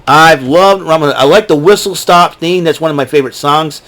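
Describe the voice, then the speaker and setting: A man's voice: on the high side, fairly quick, fairly bright tone. A man hosting his own show, chatting casually and rambling through a ranking of his favorite films with many fillers and restarts. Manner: rambling, many fillers and restarts, breaks into quoted movie lines. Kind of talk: casual solo commentary.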